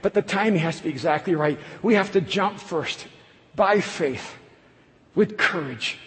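A man preaching a sermon, telling a personal story in an animated way, often restarting his sentences. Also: sits high, measured pace. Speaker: pastor. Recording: long hall reverb.

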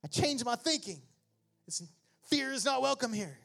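A man delivers a sermon. He slips easily between chatty asides and loud, rising exhortation. He laughs at his own jokes along the way. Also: very high-pitched, expressive, normal speed, creaky. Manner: swings from conversational asides to shouted preaching; jokey, laughs at own remarks. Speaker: pastor.

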